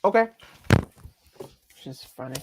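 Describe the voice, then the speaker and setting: A woman's voice: slow pace, darkish tone, no room sound. A woman with a French accent chatting casually on a live stream, rambling and breaking off her own sentences. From France. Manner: rambling, chatty, self-interrupting.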